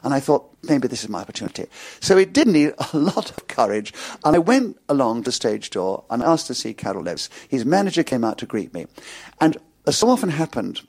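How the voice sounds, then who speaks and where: An older man with an English upper-class accent and a slight stutter, telling anecdotes in a lively, amused way. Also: mid-range voice, a little fast, breathy edge. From England. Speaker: interviewee. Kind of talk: anecdotal storytelling.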